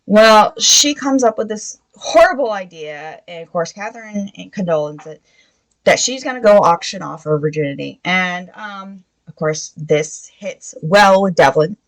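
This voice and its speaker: A woman's voice: lowish voice, animated, unhurried, low-quality recording. Woman rambling through a book recap, lots of ums, casual podcast chat. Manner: rambling retelling with many fillers. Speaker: book review podcast host. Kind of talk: casual spoken book review.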